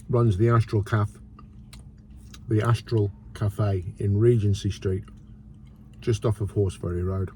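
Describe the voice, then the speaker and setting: A man's voice: lowish voice, dark tone, a little hiss or hum. A middle-aged man chatting casually to camera outdoors, rambling and eating as he talks. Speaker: vlogger. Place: outdoors in a city square.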